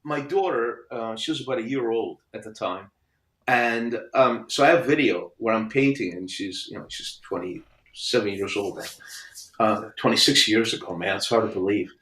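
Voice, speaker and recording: A middle-aged man, a guest artist on a video call, tells stories from his career in a casual, animated way and acts out what others said. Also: on the low side, moderate pace. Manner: animated storyteller acting out other people's lines. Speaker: guest album cover artist. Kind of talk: casual storytelling interview. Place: home studio with framed records on the wall. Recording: roomy echo.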